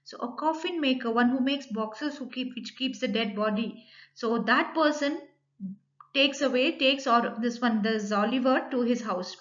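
A woman's voice: on the high side, moderate pace, fairly bright tone, muffled recording. A woman teacher with an Indian English accent who reads a story aloud and then explains each line in simple words.

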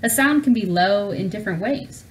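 Woman voicing a calm engineer dad, patient, explaining, lively pitch. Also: moderate pace, distant mic, slight background noise. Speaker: father.

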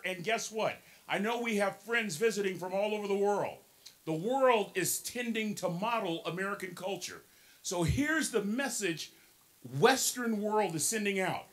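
A man's voice: high voice, fairly bright tone. A man with a Texan accent giving a motivational keynote, folksy and playful, leading the audience in call-and-response. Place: large hall with live audience.

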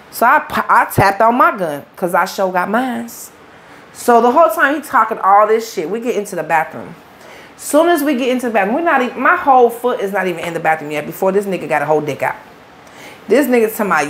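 A woman's voice: medium pitch, animated, fairly quick, a bit bright. Blunt, profane woman telling her story. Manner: blunt, profane street talk. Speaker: interview guest. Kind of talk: candid storytelling interview.

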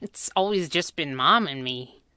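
Woman voicing a sheepish young boy, hesitant, eager to please, lively pitch. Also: unhurried, clear, resonant tone, dry recording, studio quality, heavily acted. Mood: wistful.

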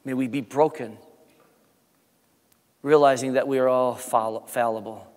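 A man, the pastor, preaching a sermon with rising emphasis and then leading a soft prayer. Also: medium pitch, fairly even intonation, unhurried. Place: church sanctuary. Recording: long church reverb.

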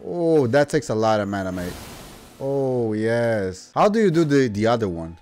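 A man giving casual gameplay commentary, slangy and playful, breaking into loud excited yelps and exclamations. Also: medium pitch, moderate pace, heavy background noise. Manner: slangy, playful banter at the game. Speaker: gaming YouTuber.

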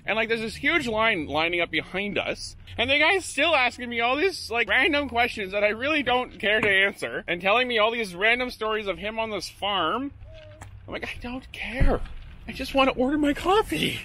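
A man vlogging casually, telling stories in a chatty, excitable way while out and about with a handheld camera. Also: high-pitched, normal speed. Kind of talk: casual vlog chat.

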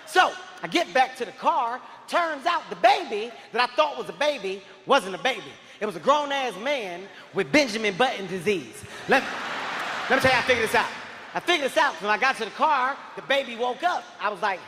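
A high, bright-voiced man tells a profane stand-up story, his delivery excitable and punctuated by shouting. He is recorded through a stage mic in a live venue with a long reverb tail and faint background noise. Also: a little fast. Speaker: stand-up comedian. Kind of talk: stand-up comedy routine.

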